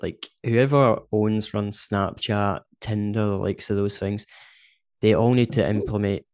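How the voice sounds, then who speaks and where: A Scottish man talks casually on a podcast, sitting a little low in his register. He chats easily and breaks into laughs as he goes. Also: fairly even intonation, unhurried, darkish tone, clean tone. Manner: chatty, laughs often, says "do you know what I mean". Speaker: podcast co-host. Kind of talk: casual chat.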